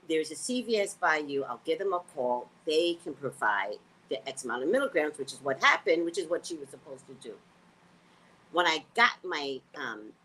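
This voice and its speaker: Husky-voiced woman ranting animatedly. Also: on the low side. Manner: animated, profane, acts out quotes. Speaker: vlogger. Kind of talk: casual storytelling rant.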